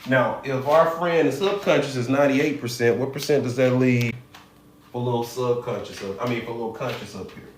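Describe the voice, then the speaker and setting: A middle-aged man explains the mind like a hypnotherapist teaching a live class, firing rhetorical questions at his viewers. His voice sits at an ordinary middle pitch. The room echoes, with faint noise underneath. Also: a little fast.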